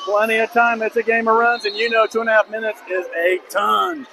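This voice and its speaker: A man calling a high school basketball game play-by-play, excitable and openly rooting for the home team. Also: a little fast. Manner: excitable, openly biased toward the home team, shouts on big plays. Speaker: play-by-play commentator. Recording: noisy gym crowd behind. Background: crowd noise.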